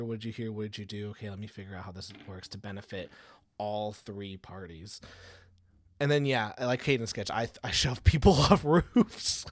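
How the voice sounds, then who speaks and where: A man's voice: fairly low pitch, no echo, clean studio sound. A young man telling business stories in casual chat, rambling with many restarts and acting out the people he quotes. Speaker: co-host. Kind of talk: casual storytelling on a live show.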